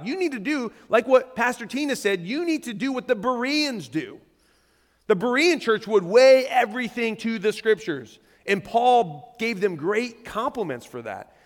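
Male pastor, high voice, chatty animated sermon, church hall reverb. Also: moderate pace. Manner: conversational, animated, reads scripture aloud. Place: church stage.

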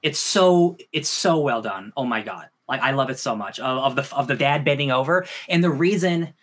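A man co-hosting a podcast in casual chat, gushing excitedly and swearing freely. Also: medium pitch, moderate pace. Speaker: podcast co-host.

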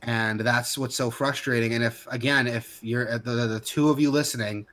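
A man co-hosting a casual podcast, his voice at an ordinary middle pitch. He rants heatedly, stumbling through restarts and fillers as he talks. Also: steady tone, moderate pace, fairly bright tone. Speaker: podcast co-host. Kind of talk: casual opinionated chat.

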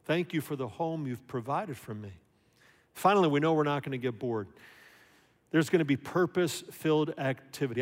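Animated preaching man in a reverberant hall. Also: medium pitch. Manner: conversational, animated, rhetorical questions. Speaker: pastor. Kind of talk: sermon.

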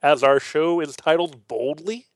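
A man's voice: a little high, measured pace, no echo. A man from Illinois hosting a Lutheran podcast, teaching in a casual chat with earnest, stammering restarts. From Illinois, USA.

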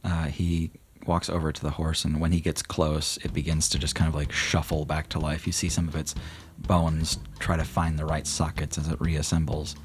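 A man narrating as game master of a tabletop game, relaxed and full of fillers. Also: a bass voice, moderate pace, few pauses, slight background noise.

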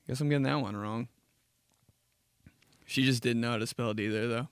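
A young man hosting his own podcast, telling loose, profane stories with quick asides. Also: mid-range voice, clear, resonant tone, no room sound, studio quality. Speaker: podcast host. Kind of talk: casual solo podcast monologue.

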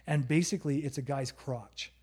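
A man's voice: medium pitch, moderate pace, a little mellow, husky. A man chatting casually on a podcast, telling a story with plenty of swearing and laughter. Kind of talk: casual chat.

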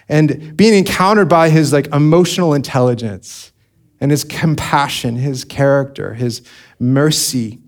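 A young adult man preaching a sermon, telling his own testimony in a candid, conversational way with frequent restarts. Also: mid-range voice. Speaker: pastor.

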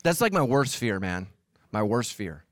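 A man's voice: lowish voice, a little slow, no room sound, clean studio sound. A middle-aged man preaching a humorous sermon, acting out voices and quotes as he tells stories. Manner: animated, acts out voices and quotes. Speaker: pastor.

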